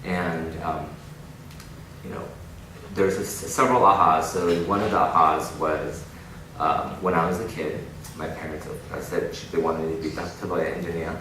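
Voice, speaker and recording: Male keynote speaker, low voice, lively storyteller, distant mic in a noisy, echoing hall. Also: moderate pace. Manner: animated storytelling with frequent laughs. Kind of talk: inspirational keynote talk. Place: large conference hall.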